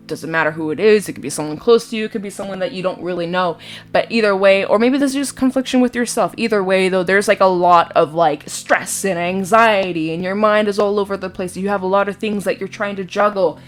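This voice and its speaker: A woman giving a casual tarot reading in a chatty, expressive way, sometimes giggling and swearing casually. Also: medium pitch, a little fast. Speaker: tarot reader. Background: soft background music.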